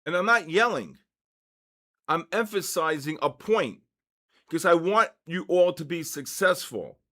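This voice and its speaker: A man's voice: fairly high pitch, lively intonation, measured pace, bright, forceful tone. A man in his sixties hosting a live trading session, lecturing emphatically and driving points home with repeated "okay?" and "all right?".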